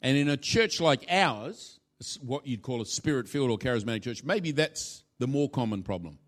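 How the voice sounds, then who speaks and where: A man's voice: mid-range voice, expressive, moderate pace. A male pastor preaching a sermon in a church, informal and playful, acting out little scenes as he teaches. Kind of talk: sermon with a live demonstration.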